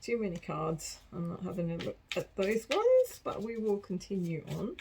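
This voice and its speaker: A woman's voice: mid-range voice, sing-song, normal speed, vocal fry, darkish tone, a little hiss or hum, low-quality recording. A woman giving a casual collective tarot reading, chatty and rambling, often laughing at herself. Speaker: tarot card reader.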